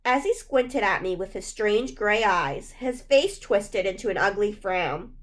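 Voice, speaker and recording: A woman reading a spooky children's novel aloud in steady, measured first-person narration. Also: medium pitch. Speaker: audiobook reader.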